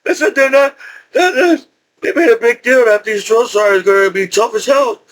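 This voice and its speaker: A veteran tells his story casually in a high voice, talking fairly quickly. He rambles, repeats himself and restarts, and laughs often.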